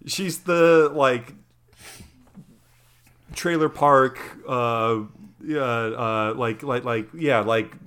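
A man's voice: mid-range voice, drawn-out words, long pauses, fairly bright tone, clear, resonant tone. A man in his thirties co-hosting a podcast, rambling and hunting for words as he goes. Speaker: podcast co-host. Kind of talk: casual comedic chat.

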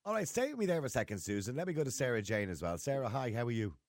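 A man's voice: mid-range voice, sing-song, rapid-fire, no room sound, clean studio sound. A man hosting a radio phone-in, teasing his callers in casual chat. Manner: teasing, laughs often.

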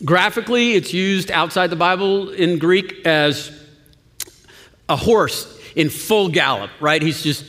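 High-voiced pastor preaching in a hall. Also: male voice, unhurried, a bit bright. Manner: conversational, chuckling, frequent restarts. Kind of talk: sermon. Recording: long reverb of a church hall.

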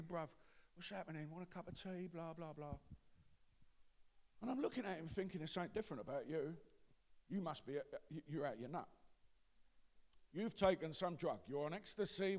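A man with an East London accent preaching a testimony sermon, dropping to quiet confiding and building to loud shouts. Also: a little high. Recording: long hall reverb.

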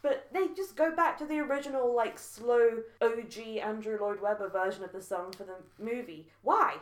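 A woman's voice: fairly high pitch, moderate pace. A woman co-hosting a podcast, chatting casually and animatedly, laughing often. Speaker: podcast co-host. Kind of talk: casual chat. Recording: echoey room.

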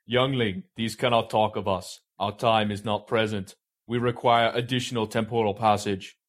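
A man's voice: lowish voice, fairly even intonation, moderate pace, close to an everyday voice. A man voicing a grating metallic machine. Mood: cold. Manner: stilted, formal phrasing. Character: grating metallic machine mother, cold, commanding.

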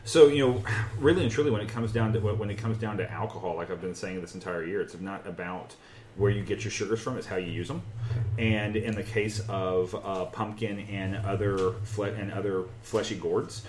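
A man's voice: sits low, fairly bright tone, echoey room, slight background noise. A man co-hosting a casual podcast chat, rambling with lots of fillers as he geeks out about beer. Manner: rambling, many "uh" fillers, enthusiastic and geeky. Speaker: podcast co-host, beer expert.

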